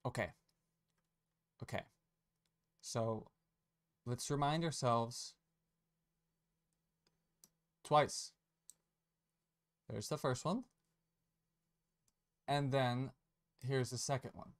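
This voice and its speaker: A man's voice: medium pitch, very slow, pauses often. A man giving a casual commentary rant, sarcastic and profane, rambling and correcting himself as he goes. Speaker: online commentator.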